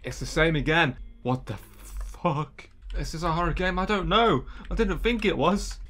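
A man giving joking, excitable commentary while playing a game, often breaking into startled yelps. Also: a little high, a little slow. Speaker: gameplay streamer. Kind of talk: casual let's-play commentary.

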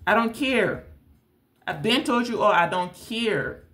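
A woman's voice: medium pitch, expressive, slow, fairly bright tone. Blunt, confrontational woman ranting to camera. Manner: confrontational, blunt, repeats herself. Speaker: tarot channel host. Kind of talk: direct-to-camera rant.

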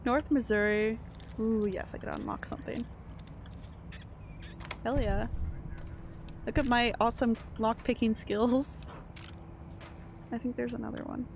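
Giggly gravelly woman streamer. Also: on the high side, steady tone, unhurried, pauses often, slight background noise. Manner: chatty, giggly, reads chat aloud. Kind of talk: casual gameplay chat.

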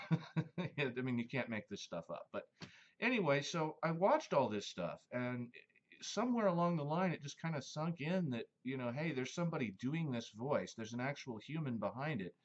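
Male host, casual rambling monologue, mid-pitched voice, slightly muffled audio. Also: sing-song, moderate pace. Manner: rambling, reminiscing, many fillers.

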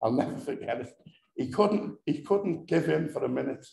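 A man's voice: on the high side, animated, moderate pace, creaky, a little mellow. An older man telling humorous, earthy stories at a commemoration event, often repeating himself and restarting phrases. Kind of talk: anecdotal storytelling. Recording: echoey room.

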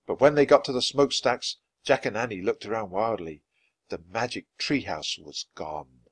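Expressive man reading a children's book. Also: lowish voice, normal speed, slightly rough, no room sound. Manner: expressive, lively narration. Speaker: storyteller. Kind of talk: children's book read-aloud.

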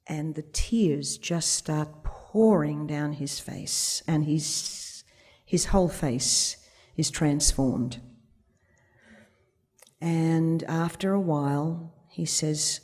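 A woman with a low, husky, slightly mellow voice speaks slowly from a conference stage to an audience. It's a storytelling talk: she relates a vivid anecdote, quoting the dialogue as she goes.

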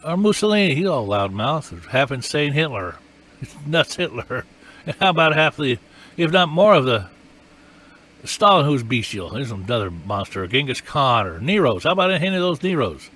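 A man's voice: mid-range voice, big pitch swings, moderate pace, a bit bright. A man preaching a sermon, emphatic and repetitive, his voice rising and falling with feeling.

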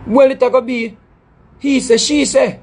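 A man's voice: very high-pitched, fairly even intonation, a little slow, a little mellow, husky. A middle-aged man with a Jamaican accent, talking in an impassioned monologue, emphatic and scolding, repeating phrases and stumbling over words. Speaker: dancehall artist speaking to his audience.

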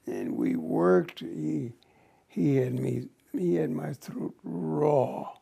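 An older American man, an actor, telling stories from his career in an interview with a slow, halting, husky delivery. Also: on the high side, mellow. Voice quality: gravelly, husky. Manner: slow, halting, breathy at times. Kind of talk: reflective storytelling.

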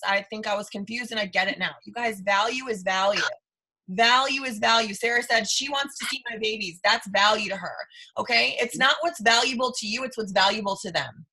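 Speaking a little fast in a slightly high, sharp voice with a breathy edge, a woman in her thirties leads her team through a motivational live stream. She is emphatic, repeats herself and often says "you guys."

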